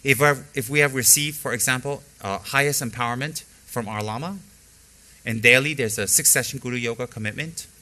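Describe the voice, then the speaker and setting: A middle-aged man teaches dharma in a bright, forceful voice of ordinary pitch. He leans on repetition to drive points home and slips easily into frank stories about his own practice. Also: brisk. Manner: emphatic, repeats key phrases for stress; candid personal storytelling. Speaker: Buddhist teacher.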